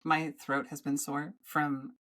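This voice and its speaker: A woman with a low-pitched voice co-hosts a casual podcast. She rambles, stops and restarts her sentences, and talks into a studio microphone. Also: flat delivery, a bit bright. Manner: rambling, halting, with many restarts. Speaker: podcast co-host.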